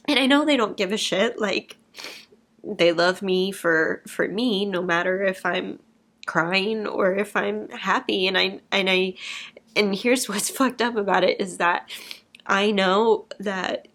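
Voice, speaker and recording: A woman's voice: medium pitch, slow, fairly bright tone. A young woman in a candid personal vlog, talking openly and emotionally to camera and swearing casually. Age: young adult. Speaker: vlogger.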